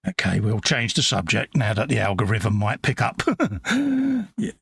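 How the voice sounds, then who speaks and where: Middle-aged man, husky and gravelly, relaxed matey co-host chatting over his painting. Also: lowish voice, a little slow, dry recording. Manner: chatty, matey banter, says "mate" constantly. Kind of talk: casual live-stream chat while painting miniatures.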